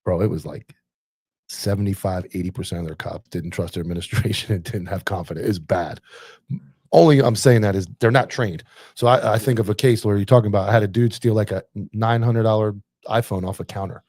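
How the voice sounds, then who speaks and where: Low-voiced cop guy in his 40s telling stories, swears a lot, dry close mic. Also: a little fast, no echo. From Florida. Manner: swearing, animated war stories with acted quotes. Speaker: podcast host and police officer. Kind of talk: casual storytelling chat.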